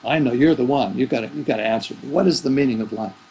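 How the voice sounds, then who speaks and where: A man's voice: medium pitch, fast, darkish tone, a little hiss or hum, lightly acted, low-quality recording. A man voicing an exhausted, desperate male seeker who pleads and complains in exasperation. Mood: pleading.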